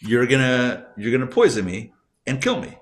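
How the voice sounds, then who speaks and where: A man's voice: mid-range voice, big pitch swings, moderate pace, natural voice. A man voicing a suspicious male frog in a parable told to a class. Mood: wary. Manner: doubtful, dry. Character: wary male frog, suspicious then dying in surprise.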